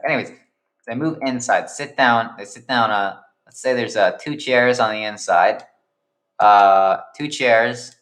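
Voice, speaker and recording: Young guy rambling thru a made-up story, slow, cracks little jokes, bright voice. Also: mid-range voice. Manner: rambling, joking asides. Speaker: narrator. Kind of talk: improvised story narration.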